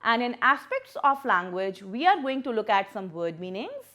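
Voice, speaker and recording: A woman's voice: a little high, sing-song, moderate pace, pushed and bright. A woman primary school teacher, giving a recorded lesson and patiently repeating words and breaking them into syllables.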